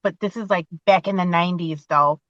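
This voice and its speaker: A woman in her forties, a podcast guest talking from her car, telling her own story in an animated way and acting out what she said. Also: lowish voice, a little fast, dry recording, lo-fi sound.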